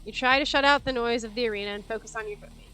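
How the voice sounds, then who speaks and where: A woman's voice: fairly high pitch, racing, bright, forceful tone, faint music behind. Playful woman streamer reading a game. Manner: playful, jokey, swears casually. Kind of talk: reading a game aloud with commentary.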